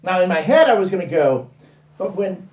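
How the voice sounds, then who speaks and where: A guest in an interview tells a casual story in a high, mellow, warm voice at normal speed, rambling through restarts and fillers. He's animated and acts out dialogue, switching voices whenever he quotes someone. The sound is roomy, as if from a distant mic.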